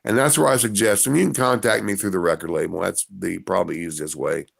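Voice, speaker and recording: Gravelly man telling rambling stories. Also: low voice, fast. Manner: rambling storyteller. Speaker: musician guest. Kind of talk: casual interview chat.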